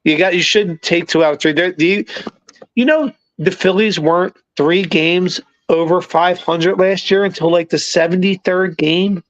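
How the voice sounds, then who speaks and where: Casual co-host, man, high voice, muffled lo-fi audio, jokey and profane. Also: steady tone, normal speed, dry recording. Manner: jokey, swears freely, mimics voices in quotes. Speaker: podcast co-host. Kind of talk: casual chat.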